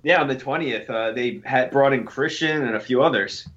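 A man co-hosting a podcast in casual chat, relaxed and easygoing with some fillers. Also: mid-range voice, normal speed. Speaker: podcast co-host. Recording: dull lo-fi recording.

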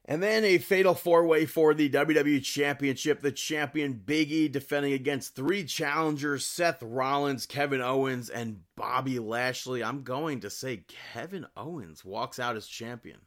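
A man co-hosting a casual podcast, making picks in a relaxed way and laughing at his own jokes. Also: mid-range voice, moderate pace, hardly any pauses. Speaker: podcast co-host. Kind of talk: casual wrestling podcast chat.

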